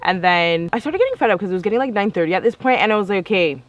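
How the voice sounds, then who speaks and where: A woman's voice: medium pitch, very animated, racing, dry recording, highs cut off. A young woman telling a story in a casual vlog, chatty and exasperated, acting out both sides of each conversation. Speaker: vlogger.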